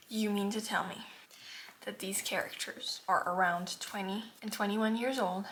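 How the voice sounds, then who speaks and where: Young woman in her twenties, casual gushing book vlogger, mid pitch, faint noise underneath. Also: moderate pace. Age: 20s. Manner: gushing, animated, drops to near-whispers at times. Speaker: booktuber reading vlogger. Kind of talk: casual chat.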